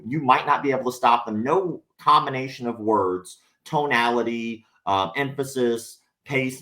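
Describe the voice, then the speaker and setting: Male podcast guest, middle pitch, lively profane storyteller who acts out voices. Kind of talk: casual storytelling chat.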